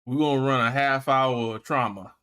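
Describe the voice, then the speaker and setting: Bright, laid-back male streamer. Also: mid-range voice, fairly even intonation, normal speed, clear, resonant tone. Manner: laid-back, slangy, laughs easily. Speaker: streamer host. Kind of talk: casual live-stream chat.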